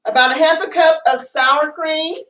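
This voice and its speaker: A woman's voice: high-pitched, steady tone, moderate pace, fairly bright tone, recorded from a distance. A woman hosting a casual home cooking show, chatting and rambling as she cooks, with plenty of fillers. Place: home kitchen. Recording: echoey room, away from the mic.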